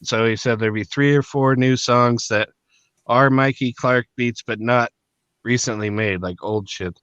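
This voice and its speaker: Podcast co-host, man, rambling casual talker, smooth tone, dull lo-fi stream audio. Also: medium pitch, steady tone, unhurried, fairly bright tone, dry recording. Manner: rambling, profane, many fillers. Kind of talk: casual chat.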